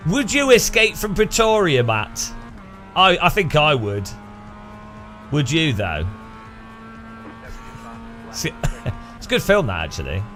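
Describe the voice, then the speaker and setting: A man's voice: on the high side, big pitch swings, slow, long pauses, fairly bright tone, soft background music. A man hosting a casual live stream, joking and rambling as he chats with viewers, laughing at his own jokes. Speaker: streamer host.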